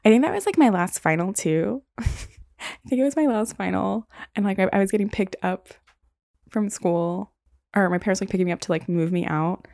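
A woman's voice: mid-range voice, fairly quick, gravelly, a little mellow, no room sound, studio quality. A young woman hosting a podcast, telling a long personal story in a rambling, candid way, full of "like" and swearing. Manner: rambling, heavy use of "like", candid and profane. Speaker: podcast host. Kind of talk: casual storytelling.

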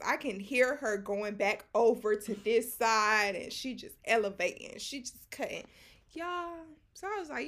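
A woman co-hosting a casual chat podcast tells a story with lots of animation. Her voice sits a little high and carries a lot of gravelly fry. She fills the story with quoted back-and-forth, slangy fillers and side remarks to her listeners. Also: expressive, normal speed, fairly bright tone. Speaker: podcast co-host.

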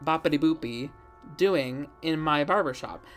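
A speaker playing a vengeful, grumpy male barber in a blunt, deadpan way. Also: mid-range voice, measured pace, faint music behind, close to an everyday voice.

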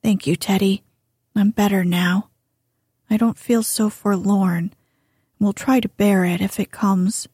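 A woman's voice: medium pitch, steady tone, measured pace, pauses often, dark tone, breathy edge, no echo, studio quality. A woman reading as a spirited, earnest young woman. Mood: grateful.

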